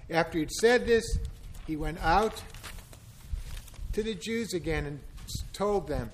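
A man reads scripture aloud in a steady, solemn, measured voice. His pitch sits a little high for a man. Each phrase is set down with care. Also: a little hiss or hum, rough recording. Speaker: scripture reader.

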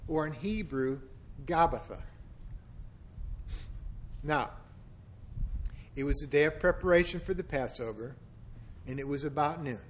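A man reads scripture aloud in a steady, solemn, measured voice. His pitch sits a little high for a man. Each phrase is set down with care. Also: a little hiss or hum, rough recording. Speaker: scripture reader.

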